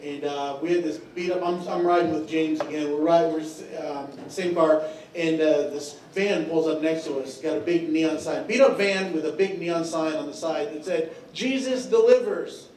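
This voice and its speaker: Male stand-up comic, high voice, drawling storyteller, on stage in an echoey club, miked from a distance. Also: normal speed, a little mellow, a little hiss or hum. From Tennessee. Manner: drawling storyteller with frequent fillers. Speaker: stand-up comedian. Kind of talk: stand-up comedy set.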